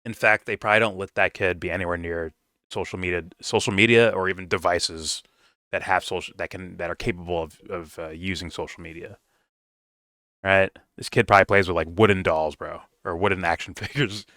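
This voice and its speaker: A man's voice: sits low, fairly even intonation, brisk, sharp tone, no room sound. A man giving a casual review, talking bluntly and swearing freely. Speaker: film reviewer. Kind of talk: casual commentary rant.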